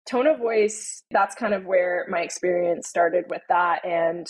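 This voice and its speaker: A young woman guest in a casual interview, talking through her points in a loose, conversational flow. She scatters "you know" and "like" fillers between her thoughts and explains things at an easy, unhurried pace. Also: lowish voice, low-quality recording. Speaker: guest, tone-of-voice consultant.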